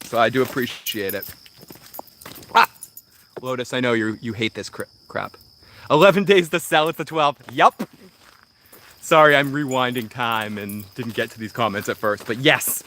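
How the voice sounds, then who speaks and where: A man's voice: medium pitch, steady tone, moderate pace, pauses often, sharp tone. A man in his thirties hosting a casual livestream from home, rambling and self-deprecating, swearing freely and laughing often while he reads viewer comments. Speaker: livestream host.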